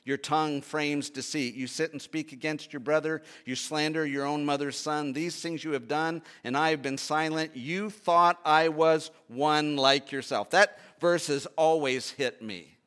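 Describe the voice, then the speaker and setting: A male preacher with a bright, slightly high voice delivers a sermon. He reads scripture aloud and then drives his points home, rising to loud, emphatic peaks and dropping to low, hushed pleas. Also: unhurried, few pauses, smooth. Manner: reads scripture aloud, then expounds with repeated rhetorical questions.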